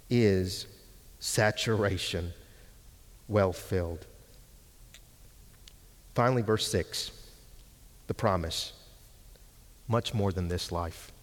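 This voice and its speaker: A man teaching Hebrew from the pulpit, preaching slowly and emphatically, repeating words for stress. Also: medium pitch. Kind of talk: sermon with Bible exposition. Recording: long hall reverb.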